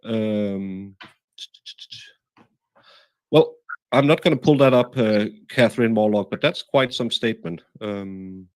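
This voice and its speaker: A man hosting a casual livestream, halting and full of fillers, reading chat comments aloud. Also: on the low side, dry recording. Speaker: livestream host.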